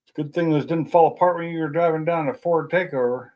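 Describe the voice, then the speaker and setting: Speaking quickly in a fairly high pitch, a male streamer makes rambling, self-deprecating small talk from home at night. He's easygoing and chatty with a mid-range voice, and the sound is lo-fi.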